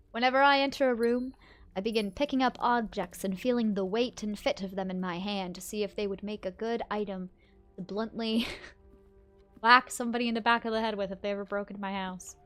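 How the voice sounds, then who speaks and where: Bright-voiced chatty woman gamer. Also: mid-range voice, fairly even intonation, fairly quick, faint music behind. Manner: chatty, self-mocking, thinking aloud. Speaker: video game streamer. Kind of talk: casual gameplay commentary.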